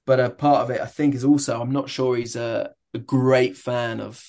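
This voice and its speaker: A man's voice: mid-range voice, steady tone, normal speed, a little mellow. A young adult man, a stadium announcer, chatting in an interview and telling stories with enthusiasm and many restarts. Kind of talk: casual interview chat.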